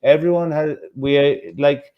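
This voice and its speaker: A man's voice: on the high side, fairly even intonation, a little slow, clean tone. A man with an Irish accent hosting a casual interview, teasing and jokey with his guests. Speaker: host. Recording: dull lo-fi sound.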